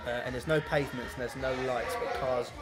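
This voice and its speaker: A young British man co-hosting a podcast tells a crude story in casual chat, swearing a lot and acting out the voices. His medium-pitched voice is steady and brisk, with a loud crowd audible.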